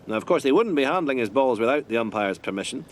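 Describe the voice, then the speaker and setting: Male commentator, prim and flustered, mid pitch. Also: animated, quick pace, slight background noise. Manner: stuffy, flustered, apologetic. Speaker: sports commentator. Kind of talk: comic mock sports commentary.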